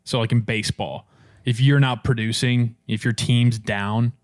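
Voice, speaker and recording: A young man co-hosting a loose comedy podcast, trading sports stories with a friend. His voice sits in an ordinary middle pitch, and he jokes as he talks. The sound is dry and close to the mic. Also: steady tone, moderate pace, no echo. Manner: joking, acts out angry coaches in raised voice. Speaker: podcast co-host. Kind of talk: casual chat.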